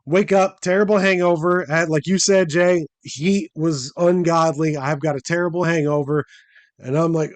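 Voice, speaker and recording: Podcast host, male, high voice, animated and profane storyteller who acts out the people he quotes. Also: normal speed, no echo. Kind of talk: casual storytelling chat.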